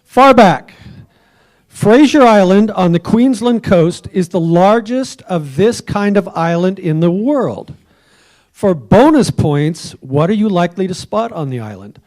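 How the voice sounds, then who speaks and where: A man's voice: high voice, expressive, measured pace, a little mellow. A man hosting a trivia quiz at a club meeting, joking with the tables and offering hints for a dollar.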